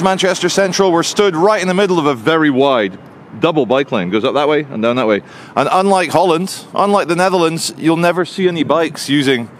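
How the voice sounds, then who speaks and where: A man talks to a handheld camera as he walks through the city, making dry, sarcastic remarks. His voice sits a little high. Street traffic is clearly audible behind him. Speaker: vlogger. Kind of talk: casual walking vlog. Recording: outdoor street noise. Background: street traffic noise.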